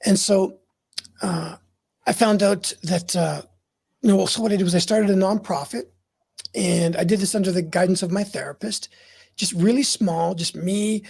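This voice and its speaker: A man's voice: high-pitched, steady tone, normal speed, creaky, darkish tone, breathy edge. A middle-aged man as an interview guest, telling his story in a frank, earnest way. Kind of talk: candid interview talk.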